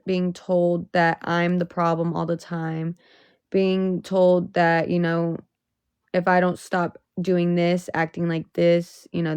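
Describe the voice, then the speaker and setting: A woman's voice: lowish voice, darkish tone, smooth, dry recording. A young woman venting on a casual livestream, emotional and swearing, rising into exasperated outbursts.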